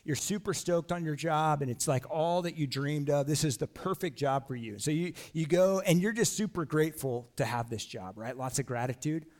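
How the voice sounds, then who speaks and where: A male pastor preaching a sermon in a church, casual and animated, full of slang and rhetorical questions. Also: a little high, moderate pace, few pauses. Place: church sanctuary.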